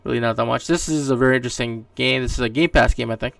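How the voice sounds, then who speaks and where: Male podcast host, gravelly voice, loose rambling delivery, dry room, mic set back from him. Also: medium pitch, rapid-fire, fairly bright tone, dry recording, distant mic. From Canada. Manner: rambling, many fillers and restarts. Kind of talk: casual solo gaming news commentary.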